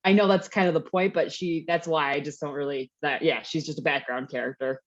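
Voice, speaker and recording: A woman's voice: deep voice, fairly even intonation, brisk. A woman co-hosting a podcast in casual chat, rambling with many fillers and restarts. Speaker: podcast co-host. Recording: dull lo-fi sound.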